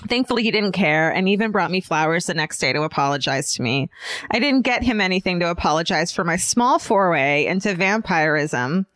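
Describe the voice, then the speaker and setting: A woman's voice: on the low side, lively intonation, fairly quick, fairly bright tone, dry recording. A woman co-hosting a comedy podcast, reading a listener's email aloud with jokey asides. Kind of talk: casual comedic podcast chat.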